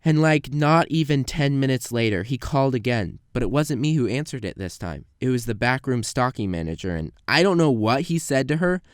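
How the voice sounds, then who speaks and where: A young man tells a funny workplace story, switching into quick voices for the customers he quotes. His voice is smooth and clear at a middling pitch. The recording is dry and close, with no room sound. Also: lively intonation, no echo. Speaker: animated storyteller. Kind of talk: comedic storytime narration.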